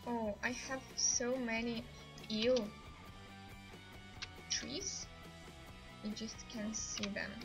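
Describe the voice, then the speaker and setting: A woman hosting a live game stream, commenting excitedly as she plays, laughing often and speaking English as a second language. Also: a little high, drawn-out words, pauses often, music in the background, low-quality recording. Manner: excitable, laughs often, non-native grammar.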